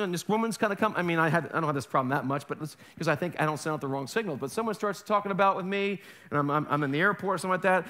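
Lively, bright-voiced male pastor preaching. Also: a little high, quick pace. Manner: animated preaching, acting out quoted voices with humor. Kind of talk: sermon.

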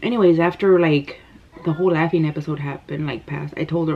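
Animated woman telling stories. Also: low-pitched, a little fast, husky. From United States. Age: 30s. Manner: animated, gasping, breathless retelling. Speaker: mukbang vlogger. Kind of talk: storytelling while eating. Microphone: camera microphone. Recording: slightly dull lo-fi sound.

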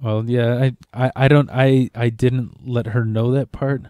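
A man's voice: medium pitch, level tone, unhurried, warm tone, clean tone, no echo, clean studio sound. A young man chatting casually as a podcast co-host, rambling with profanity and many restarts. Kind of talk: casual chat.

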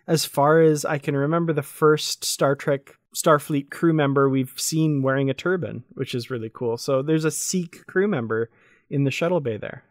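A man co-hosting a podcast, talking in a relaxed, thoughtful way and laughing easily. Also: on the high side, moderate pace, no room sound, studio quality. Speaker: podcast co-host. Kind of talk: casual review chat.

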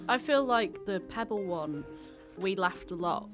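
A woman's voice: medium pitch, animated, a little slow, music in the background, rough recording. A woman co-hosting a comedy podcast, telling a story with giggles and hesitant ums. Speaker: podcast co-host. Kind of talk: casual comedy chat, storytelling.

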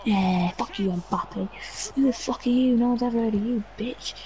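A young man playing a co-op football game, excitable and swearing constantly. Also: very high voice, normal speed, low-quality recording. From England. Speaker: gamer. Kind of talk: casual co-op gaming chat.

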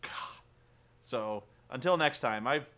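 A man's voice: mid-range voice, takes it slowly, fairly bright tone. A young man rambling through a casual, profane film review, laughing often and acting out characters in quoted voices. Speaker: vlogger.

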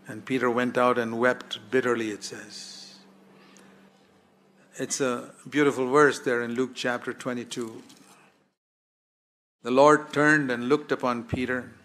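A man delivering a sermon at an everyday middle pitch. He speaks earnestly and pleads with his listeners, often putting direct questions to them. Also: steady tone, unhurried, pauses often, fairly bright tone. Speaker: preacher.

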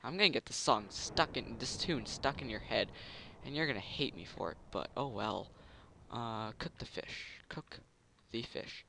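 A man's voice: mid-range voice, expressive, normal speed, vocal fry, few pauses, sharp tone, a little hiss or hum. A man giving casual commentary over a video game, muttering to himself, humming little tunes and bursting into gloating. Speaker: gameplay commentator.

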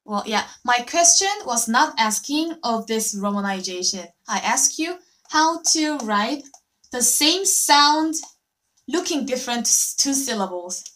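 A Korean woman teaching a live online language lesson, drilling syllables slowly and cheering on her students. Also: a little high, animated, a bit bright. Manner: slow, drawn-out syllable drills, cheerful praise.

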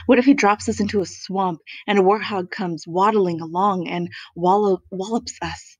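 A woman doing a bookish male woodchuck from a picture book, earnest and fretful, middle pitch, dry close recording. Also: normal speed, a little mellow, dry recording, natural voice. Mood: anxious. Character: well-read male woodchuck, bookish worrier.

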